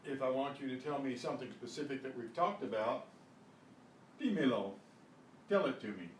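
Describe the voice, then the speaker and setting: An older man teaching a Spanish class, slow and patient, often clearing his throat, recorded from a distance. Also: mid-range voice. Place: classroom at a senior center. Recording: echoey room, mic at a distance, faint noise.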